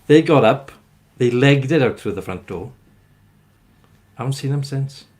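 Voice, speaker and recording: A man's voice: medium pitch, expressive, normal speed, a little mellow. Rambling man telling a story. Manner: rambling anecdote, keeps adding "right?". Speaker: livestream host. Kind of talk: ranting storytelling to live chat.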